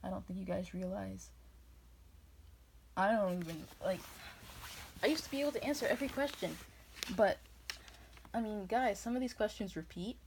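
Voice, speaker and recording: A woman's voice: medium pitch, lively intonation, moderate pace, pauses often, a little mellow, a little hiss or hum. A woman from New England rambling through a casual vlog monologue, jumping from tangent to tangent and cutting herself off mid-thought. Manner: rambling, tangential, self-interrupting. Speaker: vlogger.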